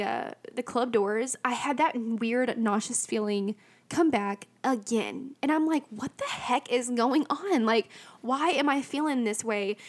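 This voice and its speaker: Candid young woman with a high voice. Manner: chatty and candid, many fillers and restarts. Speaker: speaker sharing a personal faith testimony. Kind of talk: casual personal storytelling.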